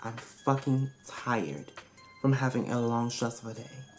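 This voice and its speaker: A woman vlogger telling a storytime in a casual, blunt and profane way, animated and emphatic as she retells it. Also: a bass voice, slow pace, faint music behind.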